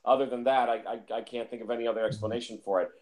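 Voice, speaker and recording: A man's voice: mid-range voice, fairly even intonation, racing, a little mellow, slight background noise. A man talking casually about films, rambling and repeating himself with lots of fillers. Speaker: film reviewer. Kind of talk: casual film discussion.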